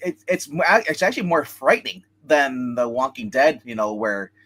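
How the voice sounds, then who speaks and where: A man's voice: mid-range voice, big pitch swings, normal speed, a bit bright. Rambling man retelling movie scenes. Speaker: movie review show co-host. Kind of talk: casual film review chat.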